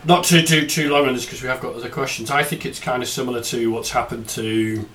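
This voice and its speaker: A man's voice: medium pitch, steady tone, fast, a bit bright, slight background noise. A man hosting a podcast, chatting casually and cracking self-mocking jokes. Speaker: podcast host.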